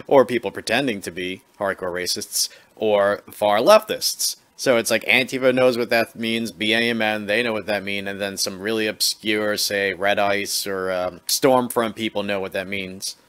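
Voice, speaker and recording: A man's voice: fairly low pitch, fairly even intonation, measured pace, fairly bright tone. A man giving casual vlog commentary, chatty and sarcastic, correcting himself as he goes. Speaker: video blogger.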